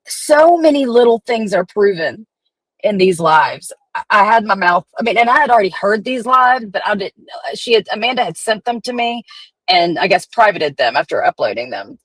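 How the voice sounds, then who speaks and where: A woman's voice: medium pitch, big pitch swings, moderate pace, a bit bright, slightly rough, no echo, rough recording. A woman hosting a profane, chatty commentary stream. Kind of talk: casual gossip commentary.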